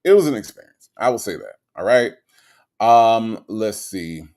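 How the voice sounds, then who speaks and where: On his casual livestream, a man welcomes viewers by name and reads what they write aloud, his relaxed talk shifting between soft mumbles and sudden loud bursts. He speaks unhurriedly in a voice on the low side.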